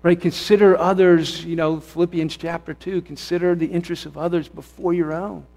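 A man's voice: on the high side, level tone, a little fast, a little mellow. Fervent man preaching in a reverberant hall. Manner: conversational, self-correcting, builds to fervent emphasis. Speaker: pastor. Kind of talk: sermon. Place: church sanctuary.

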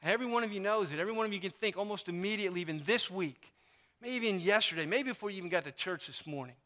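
In a church sanctuary full of long hall reverb, a pastor delivers a sermon in a high, rapid-fire voice with a bright, forceful tone. He preaches emphatically and conversationally, repeating himself a great deal.

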